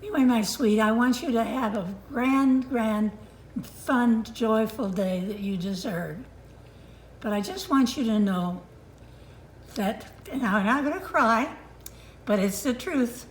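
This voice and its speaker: A woman's voice: a little high, slow pace, a little hiss or hum. An older woman recording a playful, teasing birthday greeting to her daughter that turns tender. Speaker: mother giving a birthday greeting. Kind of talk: casual video greeting.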